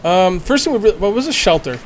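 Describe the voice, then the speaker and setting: Male let's-player, chatty think-aloud commentary, slightly high voice, faint game sound behind. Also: big pitch swings, brisk, a little hiss or hum. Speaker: let's play gamer. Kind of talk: casual gameplay commentary.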